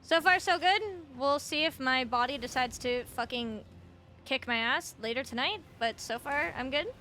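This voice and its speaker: Her high, sharp voice moves at a moderate pace over slight background noise as this young woman plays a video game on stream. Chatty and freely profane, she greets chat by name and seems a bit tired from lack of sleep.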